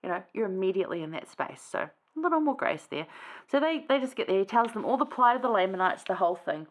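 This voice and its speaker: A woman's voice: medium pitch, very animated, fast talker. A woman hosting a casual scripture study, chatty and rambling, with many fillers and asides.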